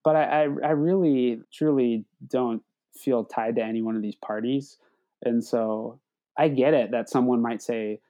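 Hesitant man with a mellow voice. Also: medium pitch, fairly even intonation, a little slow. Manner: hesitant, frequent restarts and stammered repeats. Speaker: podcast guest. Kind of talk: reflective conversational talk.

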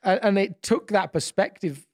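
A man's voice: high voice, moderate pace, darkish tone, dry recording, studio quality. A man co-hosting a podcast in casual conversation, thoughtful and often repeating words as he starts his sentences.

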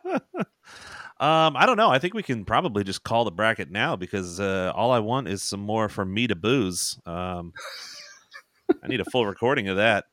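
A man's voice: on the low side, expressive, normal speed, a bit bright, dry recording, studio quality. A man chatting as a podcast panelist, laid-back and a little hesitant. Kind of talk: casual podcast chat.

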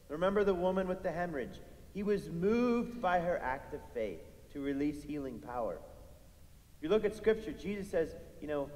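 A man's voice: a little high, lively intonation, normal speed, darkish tone. A man preaching a sermon in a conversational way that builds to emphatic peaks. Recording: echoey hall with long reverb.

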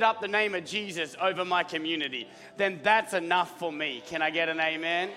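Hoarse aussie pastor, bright edgy voice, echoey church hall, faint music. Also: male voice, a little high, a little fast, hardly any pauses. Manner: energetic, rallying the congregation, clears his throat often. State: hoarse, rough voice. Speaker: lead pastor. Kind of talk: sermon. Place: church auditorium.

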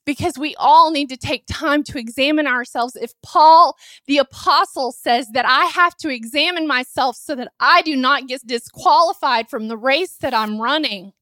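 A woman's voice: high-pitched, moderate pace, few pauses, no echo. A woman preaching a sermon, full of rhetorical questions and emphatic repetition, building to impassioned peaks. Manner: impassioned, rising to near-shouting at climaxes.

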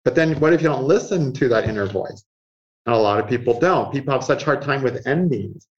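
A man, an astrologer guest in an interview, explaining ideas in a lively conversational way and acting out inner voices with frequent chuckles. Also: medium pitch, brisk. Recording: muffled lo-fi sound.

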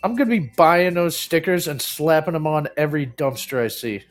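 A man's voice: on the high side, moderate pace, faint music behind. A man co-hosting a podcast, telling laid-back anecdotes in casual profane banter. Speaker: podcast co-host.

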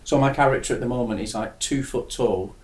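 A man's voice: mid-range voice, fairly quick, a little mellow, faint music behind. A young adult man, chatting casually and enthusiastically, swearing now and then. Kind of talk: casual chat. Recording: echoey room.

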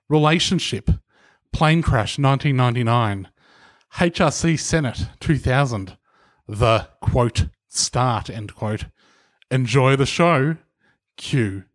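A man co-hosting a casual podcast, teasing his friends and reading online posts aloud in a dry way. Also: mid-range voice. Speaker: podcast co-host.

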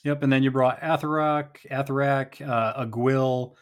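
Easygoing man, middle-pitched podcast host. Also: steady tone, measured pace, clear, resonant tone. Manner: easygoing, asks questions, lists items. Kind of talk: casual game recap chat.

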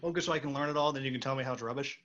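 A man's voice: medium pitch, racing, fairly bright tone, lo-fi sound. A man and stage actor hosting a casual interview, rambling and joking. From United States. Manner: chatty, rambling, jokey.

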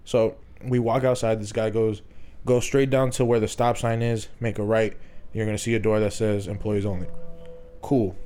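Man, podcast co-host, casual storytelling, swearing, warm voice, laughs a lot. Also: on the low side, flat delivery, normal speed. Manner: swears a lot, laughs often, rambling with restarts.

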